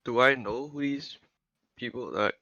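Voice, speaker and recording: A man's voice: medium pitch, a little slow, gravelly, bright, forceful tone, dry recording. An impatient man playing in a tabletop game, swearing as he chats, heard through a muffled lo-fi mic. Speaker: player. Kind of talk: casual chat while playing a tabletop game.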